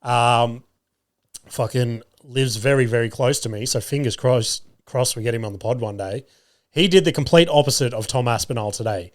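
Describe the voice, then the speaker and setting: A man's voice: medium pitch, normal speed. A young Australian man hosting his own podcast, chatting casually and swearing freely. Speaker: podcast host. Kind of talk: casual solo podcast chat.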